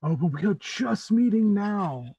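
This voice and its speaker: A man playing a grandiose cat gentleman. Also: sits high, lively intonation, husky, lo-fi sound, voice pushed up, heavily acted. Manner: effusive, grandiose, drawn-out. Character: refined theatrical male cat benefactor.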